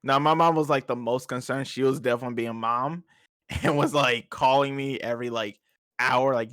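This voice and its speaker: A young man, a podcast guest telling animated stories and laughing often in casual chat. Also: mid-range voice, normal speed, smooth, dry recording, clean studio sound. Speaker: podcast guest, fighting game player.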